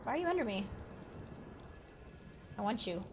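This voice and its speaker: A young woman hosting a casual let's play, excitable and talking to game creatures as she plays. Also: on the high side, moderate pace, slight background noise. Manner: excitable, talks to game creatures, jumps from whispers to yelps. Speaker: gaming channel host.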